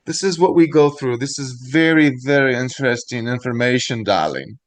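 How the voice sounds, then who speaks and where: A man's voice: medium pitch, moderate pace. A man co-hosting a casual podcast, rambling and chatty, often laughing between thoughts. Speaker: podcast co-host.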